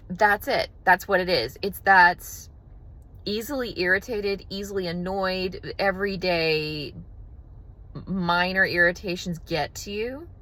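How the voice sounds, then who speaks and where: Chatty rambling woman vlogger, lowish voice. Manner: rambling, many restarts and repeated words; animated, acts out her own frustration. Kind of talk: casual talking-to-camera vlog.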